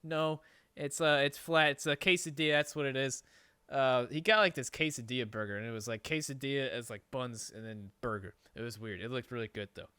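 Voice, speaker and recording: A man's voice: medium pitch, fairly quick, sharp tone, clear, resonant tone, no echo. A man telling a story on a podcast in a casual, rambling way, swearing and laughing often. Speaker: podcast host. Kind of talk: casual chat.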